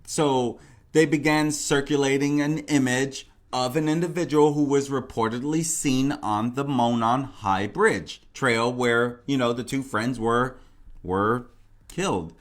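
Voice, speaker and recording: A man's voice: mid-range voice, unhurried. Male true crime host, casual and rambling, repeats himself with filler words. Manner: repetitive, rambling, full of "you know" and "like".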